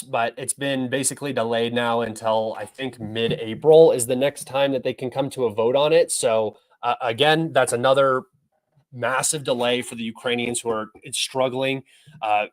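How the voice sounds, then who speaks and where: A man's voice: medium pitch, steady tone, normal speed. Casual, rambling male streamer. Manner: offhand, rambling and opinionated. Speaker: livestream host. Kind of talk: casual livestream news commentary.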